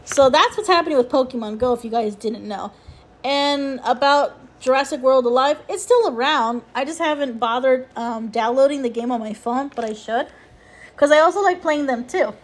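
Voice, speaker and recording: A woman's voice: high-pitched, moderate pace. A woman hosting her own podcast, rambling casually about mobile games, cursing freely, with exasperated asides. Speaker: podcast host.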